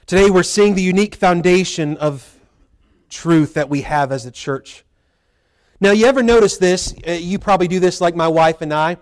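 High-voiced preacher. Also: male voice, moderate pace. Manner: folksy preaching with quoted asides and prayer. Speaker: pastor. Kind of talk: sermon. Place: church sanctuary.

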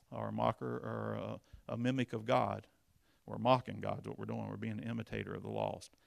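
A man with a heavily gravelly, creaky voice preaches a sermon, close and dry on the mic. He swings from low, confiding asides to loud, emphatic bursts. His pitch sits in an ordinary middle range for a man. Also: dry recording. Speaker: pastor.

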